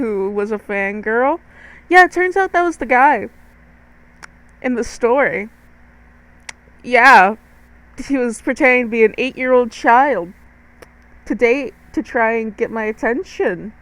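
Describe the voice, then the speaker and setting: Slow-talking teenage girl telling a story. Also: on the high side, fairly bright tone, low-quality recording. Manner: chatty and dramatic, swears freely, talks straight to viewers. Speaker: storytime vlogger. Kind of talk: casual storytime narration.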